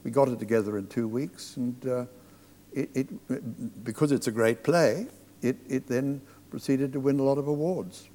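A man telling theatre stories to a live audience, in a middle-pitched voice. He stops and restarts often. The sound rings with a long hall reverb. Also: warm tone. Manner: anecdotal, halting with many restarts. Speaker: theatre director. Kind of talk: storytelling on stage.

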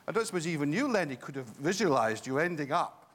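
A man's voice: on the high side, big pitch swings, fast, a bit bright. A polite, genial male host speaks in a slightly raised voice as he introduces his guest to the audience. His words carry a long reverb from a large hall. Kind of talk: hosting a stage interview.

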